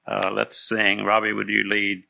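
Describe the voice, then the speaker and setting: A man's voice: on the low side, monotone, unhurried, gravelly, sharp tone. A man preaching a sermon, telling a story in an earnest, folksy way.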